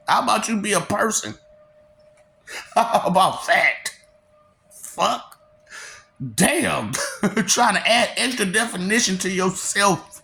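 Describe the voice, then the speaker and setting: Manic cackling man with a gravelly edge. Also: high-pitched, slow pace, pauses often, sharp tone. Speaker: vlogger. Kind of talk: rambling solo monologue.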